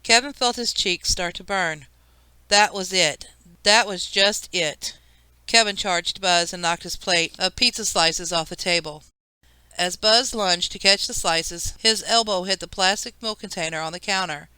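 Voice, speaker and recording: Bright, crisp woman reading an audiobook. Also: lowish voice, moderate pace, no room sound, rough recording. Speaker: audiobook narrator. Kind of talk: scripted audiobook narration.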